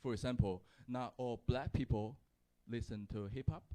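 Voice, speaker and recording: A young man from China performing a stand-up comedy set in a comedy club, with a wry, deadpan delivery. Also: mid-range voice, moderate pace. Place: comedy club with live audience.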